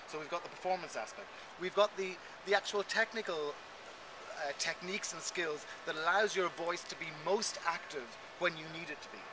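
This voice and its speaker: A man who works as a voice coach, explaining his craft in an animated, demonstrative way during an interview recorded outdoors. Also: on the high side. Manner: animated, demonstrative, quick delivery. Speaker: voice coach guest. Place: outdoors in an urban area. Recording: outdoor street noise with passing traffic.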